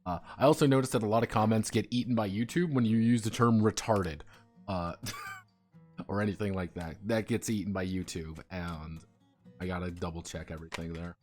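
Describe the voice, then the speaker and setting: Rambling, low-voiced male streamer. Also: fairly even intonation, normal speed, a little mellow, faint music behind. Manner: rambling, stumbling restarts, profane banter. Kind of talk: casual stream chat.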